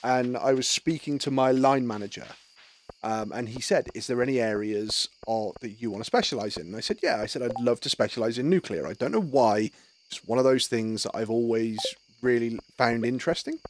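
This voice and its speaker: A man streaming a game, chatting casually and telling animated stories full of swearing. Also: mid-range voice, moderate pace. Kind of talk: casual chat.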